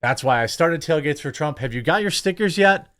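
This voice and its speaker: A man's voice: on the high side, lively intonation, brisk, fairly bright tone. A man hosting casual political commentary, blunt and sarcastic, rambling with lots of fillers and restarts.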